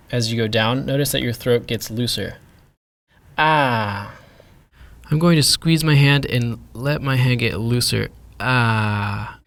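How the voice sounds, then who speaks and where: A man's voice: mid-range voice, creaky. A man teaching pronunciation, carefully demonstrating each sound. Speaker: language teacher. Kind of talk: pronunciation lesson.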